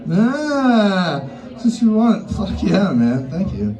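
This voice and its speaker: A man's voice: high-pitched, big pitch swings, slow, crowd noise. A man doing a loose, profane stand-up set in a bar, rambling and mocking himself. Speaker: stand-up comic. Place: comedy bar stage.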